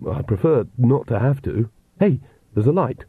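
A man's voice: mid-range voice, animated, moderate pace, breathy edge, dry recording. A man voicing a haughty, proper young woman witch. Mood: prim. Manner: prim and haughty. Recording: tinny phone-like dry sound.

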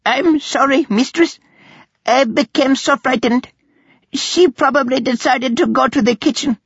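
A flustered servant woman from a fantasy audiobook, timid and pleading, put on by a male narrator. The voice sits far above his own and comes through husky and a little dull on a dry recording. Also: high voice, measured pace, no room sound, voice pushed up, exaggerated voice. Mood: apologetic. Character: frightened apologetic servant woman, middle-aged.

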